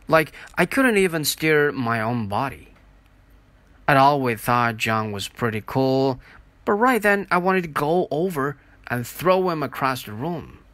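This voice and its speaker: A man reads a story aloud at an unhurried pace, his voice moving expressively up and down. The tone is bright and forward, and the recording is close and dry. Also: medium pitch, lively intonation, no echo. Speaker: narrator. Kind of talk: audiobook reading.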